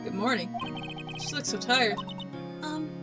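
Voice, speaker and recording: Woman doing a timid sad young woman, soft and hesitant, high and light, game music behind. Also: animated, a little slow. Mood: forlorn.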